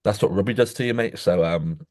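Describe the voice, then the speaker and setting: A man co-hosting a podcast, telling stories in animated casual chat, saying "mate" often and acting out quoted voices. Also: brisk. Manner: animated storytelling, says "mate" constantly; acts out quoted voices with jumps in pitch. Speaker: podcast co-host.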